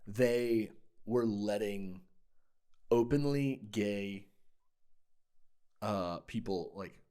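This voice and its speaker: A man with a fairly low voice, talking as a church leader in a relaxed discussion. He works through his thoughts out loud and restarts his phrases as he goes. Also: extremely slow, clear, resonant tone. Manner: conversational, thinks aloud with restarts. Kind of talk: casual discussion about a sermon.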